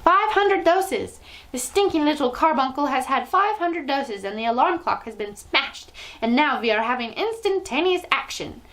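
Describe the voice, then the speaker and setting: Woman doing a shrill cruel witch queen. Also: animated, normal speed. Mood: gloating. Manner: shrill shouted commands. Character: cruel screeching female witch leader.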